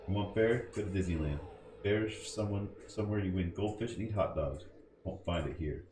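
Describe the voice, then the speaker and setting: A man's voice: low voice, moderate pace, mellow, lightly acted. A man playing a cynical prison guard who barks curt orders and sneers at visitors. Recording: echoey room with game music.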